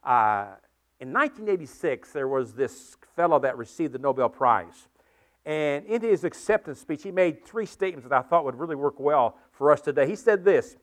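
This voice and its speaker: A man's voice: fairly high pitch, animated, moderate pace. A man preaching a sermon to his congregation, earnest and repetitive, building to emphatic peaks. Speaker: pastor. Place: church sanctuary with congregation.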